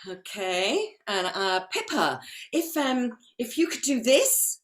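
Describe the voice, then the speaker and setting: Lively woman hosting an improv show. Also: a little high, slow. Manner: lively, chatty, laughs often. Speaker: improv host. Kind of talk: online improv comedy show.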